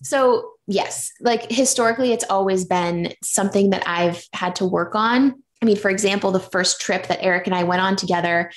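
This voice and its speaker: Young woman, casual podcast guest, candid and animated, mid-range voice. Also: mid-range voice, normal speed, hardly any pauses. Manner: candid, animated storytelling with many fillers. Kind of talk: casual personal chat.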